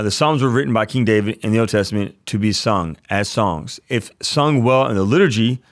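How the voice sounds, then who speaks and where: Male priest host, low voice, dry booth sound, earnest casual teaching. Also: dry recording. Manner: earnest, enthusiastic, repeats phrases.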